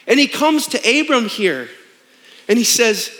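A man's voice: extremely high pitch, very animated, unhurried, pushed and bright. A man in his thirties, a pastor preaching a sermon in an emphatic, conversational way with rhetorical questions.

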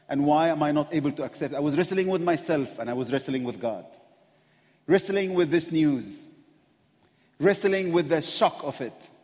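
A man's voice: on the high side, darkish tone. A man preaching as a guest speaker, passionate and emotional, often breaking into laughter between phrases. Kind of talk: sermon. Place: church sanctuary. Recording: long reverb of a large hall.

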